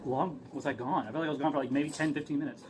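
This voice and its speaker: A woman's voice: fairly even intonation, very fast, a crowd in the background. A woman streamer chatting casually in a vlog clip, giggly and oversharing. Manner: giggly, overshares, swoops in pitch. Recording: noisy clip audio.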